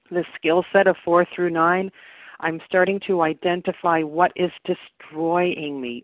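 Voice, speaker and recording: A woman's voice: on the low side, no echo. Earnest woman sharing over a tinny phone line. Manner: earnest, reflective, slow emphatic phrases. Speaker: meeting member sharing. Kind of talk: personal share at recovery meeting. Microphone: phone call.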